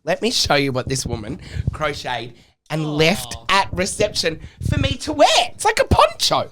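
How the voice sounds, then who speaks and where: A man co-hosting a podcast, telling a story in an animated, dramatic way. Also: on the high side, moderate pace. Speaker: podcast co-host. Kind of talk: casual storytelling chat.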